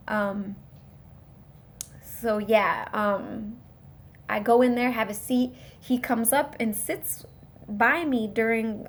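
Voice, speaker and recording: A young woman telling a story to her phone, animated and indignant, acting out the voices of the people in it. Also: on the high side, gravelly, a little hiss or hum. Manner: animated, indignant retelling with quoted dialogue. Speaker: vlogger. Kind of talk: storytime vlog.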